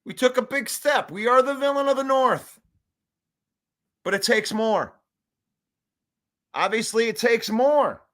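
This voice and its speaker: A man hosting a live sports fan show, talking in an animated, hyped way, reading comments aloud and laughing often. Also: very high voice, a little slow, pauses often.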